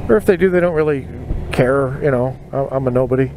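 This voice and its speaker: This motorcycle vlogger, a man in his forties, speaks quickly at a medium pitch as he rides in city traffic and spins casual, self-mocking tales. His helmet mic picks up heavy road and traffic noise outdoors.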